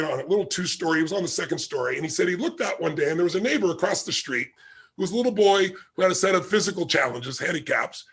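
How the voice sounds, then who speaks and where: A man's voice: high-pitched, a bit bright, breathy edge. A man being interviewed as a guest, telling a story vividly and acting out the quoted dialogue. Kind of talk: animated anecdotal storytelling.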